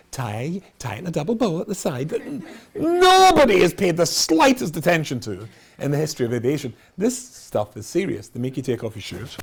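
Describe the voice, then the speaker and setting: A man in middle age delivers a storytelling lecture as a rabbi, dry and self-deprecating, chuckling at his own punchlines. His voice is slightly husky, and its pitch rises and falls in a lively way. He talks like someone used to holding a room. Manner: wry, self-mocking, laughs at his own jokes. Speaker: rabbi giving a talk.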